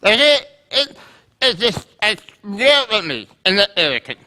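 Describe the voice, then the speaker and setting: A man's voice: high voice, very animated, a little slow, bright, forceful tone, full character voice. A man voicing a flustered, reluctant Moses who stutters and trips over his words. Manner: stuttering, tongue-tied.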